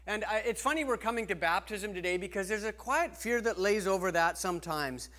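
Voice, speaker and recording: A man's voice: sits high, a little fast, bright, forceful tone. A man preaching a sermon as pastor, talking earnestly and conversationally, often restarting his sentences.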